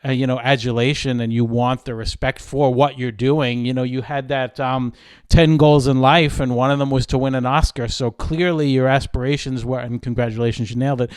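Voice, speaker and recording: A man's voice: medium pitch, fairly even intonation, a little fast, clear, resonant tone, no room sound. Easygoing male podcast host, dry sound. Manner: easygoing, affirming, rambles into questions. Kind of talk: interview.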